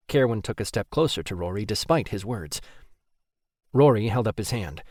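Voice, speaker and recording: A man's voice: lowish voice, lively intonation, moderate pace, darkish tone, no echo. Man narrating an audiobook in a dry studio.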